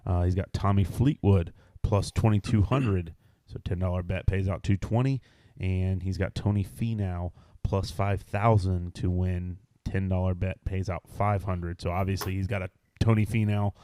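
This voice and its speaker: A man in his thirties co-hosting a casual sports betting podcast, running quickly through lists of bets and odds. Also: deep voice, steady tone, mellow, dry recording, clean studio sound. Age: 30s. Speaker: podcast co-host.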